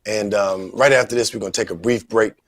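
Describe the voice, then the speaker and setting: A man's voice: lowish voice, fairly even intonation, brisk, fairly bright tone, no room sound, studio quality. A man hosting a talk show, earnest and conversational, often leaning on filler phrases as he gives commentary. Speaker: host.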